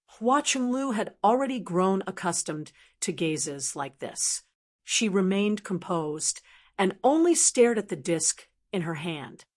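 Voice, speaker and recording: Female narrator, steady audiobook read, mid pitch. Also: takes it slowly.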